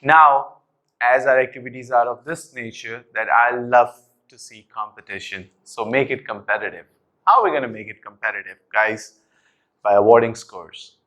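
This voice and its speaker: A man's voice: mid-range voice, fairly even intonation, normal speed, pushed and bright. A young man explaining a classroom activity to teachers with energy, calling them "guys" and answering his own questions. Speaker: teacher trainer.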